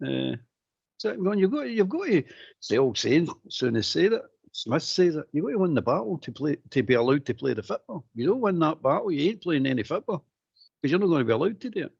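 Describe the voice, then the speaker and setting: A man's voice: a little high, very animated, fairly quick, creaky, darkish tone, husky, no echo. A Scottish man co-hosting a casual football phone-in, ranting emphatically and repeating his points. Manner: emphatic, repetitive ranting with mock quotes. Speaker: phone-in co-host. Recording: dull lo-fi audio.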